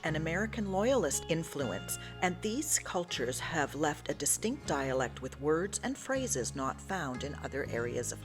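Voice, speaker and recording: A woman with a low, lively voice narrates from a script in a careful, explanatory way. Clear music plays behind her. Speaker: channel host.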